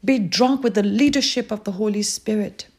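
A woman preaching a sermon, urging listeners with slow, repeated calls. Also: mid-range voice, a little mellow. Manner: slow, repetitive exhortation.

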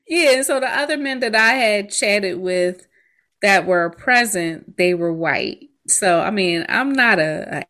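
A woman's voice: medium pitch, animated, takes it slowly, a bit bright. A woman in her thirties, a podcast co-host, telling a story in casual chat and laughing often.

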